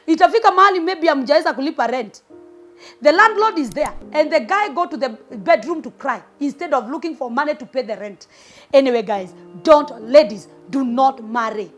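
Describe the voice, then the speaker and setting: A woman giving sermon-style relationship advice as a prophetess, emphatic and punchy, slipping in Swahili phrases and repeating short commands. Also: sits high. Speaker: prophetess preacher.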